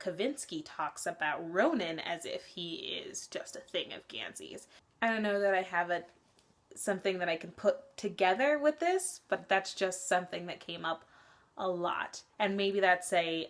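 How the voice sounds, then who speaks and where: A young woman vlogger in casual chat about a book she is rereading, candid and swearing often. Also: on the low side.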